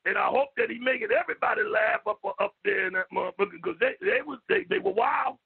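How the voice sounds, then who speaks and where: Rambling high-voiced man on a phone line. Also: very animated, fast talker, gravelly, husky. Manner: profane, repetitive, stammering, shouts at times. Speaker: call-in guest. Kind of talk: loud rambling radio talk.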